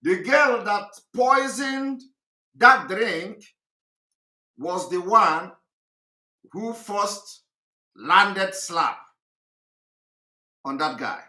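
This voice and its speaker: A man's voice: sits high, animated, sharp tone, roomy sound. A man giving emphatic, repetitive commentary on a clip during a live broadcast. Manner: drawn-out, repetitive preaching delivery.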